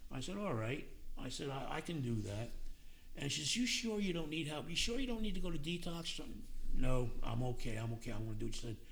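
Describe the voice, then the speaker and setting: Gravelly older man telling his story. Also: mid-range voice. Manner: plainspoken, acts out quoted voices. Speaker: speaker sharing his recovery story. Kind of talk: personal storytelling at a meeting.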